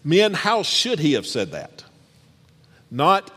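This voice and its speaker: A man preaching a sermon as pastor. He reads scripture aloud and speaks straight to the congregation in an animated way. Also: fairly high pitch, slow pace. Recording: long hall reverb.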